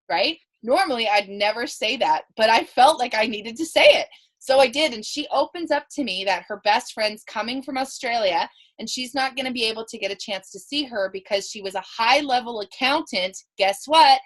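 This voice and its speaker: Animated woman coaching her team. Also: a little high, a little fast. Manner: animated storytelling, quoting herself and others. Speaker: team leader on a training call. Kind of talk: coaching talk with acted-out dialogue. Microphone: call recording.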